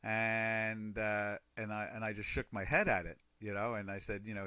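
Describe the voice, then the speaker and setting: A man's voice: lowish voice, normal speed, hardly any pauses, pushed and bright, clean tone, dry recording. Rambling man chatting over trading charts. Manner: rambling, chuckling, self-interrupting. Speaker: trading chat host.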